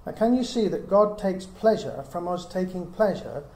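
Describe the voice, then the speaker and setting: A middle-aged man teaches scripture with an earnest, reasoning manner, often putting rhetorical questions to his listeners. His voice sits a little high yet sounds mellow. The room is echoey, with a faint hiss behind him. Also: animated, moderate pace. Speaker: Bible teacher. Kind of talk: teaching talk to a small group.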